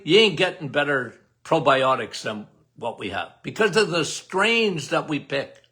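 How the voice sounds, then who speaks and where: A man's voice: a little high, pushed and bright. An older man hosting a live health Q&A, talking in a folksy, emphatic way and checking in with "okay?" over and over. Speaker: health show host answering viewer questions. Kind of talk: casual live Q&A.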